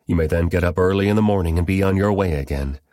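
A man voices an anxious host begging and pleading in a scripture reading. His low voice rises when he pleads. The sound is close and dry. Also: quick pace, dark tone, no room sound, lightly acted.

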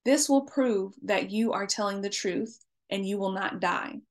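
A woman reading the lines of a stern male governor who accuses strangers, in a slow, deliberate and insistent delivery. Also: mid-range voice, natural voice.

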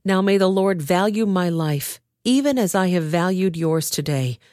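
A woman's voice: on the low side, animated, moderate pace, darkish tone, dry recording, studio quality, close to an everyday voice. A woman voicing the young man David in a Bible reading, with an earnest, raised voice.

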